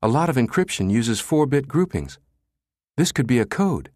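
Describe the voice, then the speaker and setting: A man reading the part of a sharp, analytical female cryptographer who argues insistently. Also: mid-range voice, sing-song, normal speed, dry recording, studio quality, voice pushed up. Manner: arguing, insistent.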